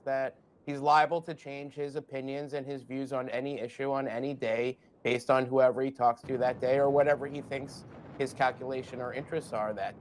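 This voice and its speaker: A man's voice: mid-range voice, a little hiss or hum. A man giving blunt, wry political analysis as a guest on a live news panel.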